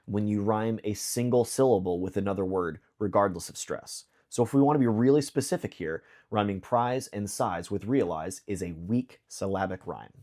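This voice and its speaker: A man explaining songwriting in a clear video lesson, with dry joking asides. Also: on the low side, darkish tone. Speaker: songwriting teacher.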